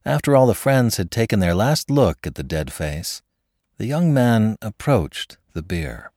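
A man's voice: on the low side, big pitch swings, measured pace, a little mellow, dry recording, clean studio sound. A man narrating a classic story in a scripted, dramatic reading. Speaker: podcast narrator.

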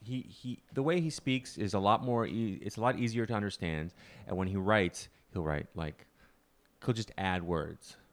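Podcast guy, lowish voice, rambly and wry, keeps restarting sentences. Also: moderate pace. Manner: rambling, self-correcting, wry. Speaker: podcast host. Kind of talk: casual storytelling chat.

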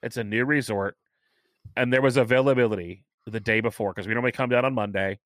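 A middle-aged man hosting a casual chat, talking chattily and stressing key points by slowing down. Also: medium pitch, fairly bright tone, dry recording, clean studio sound. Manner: chatty, emphatic, repeats points slowly for stress.

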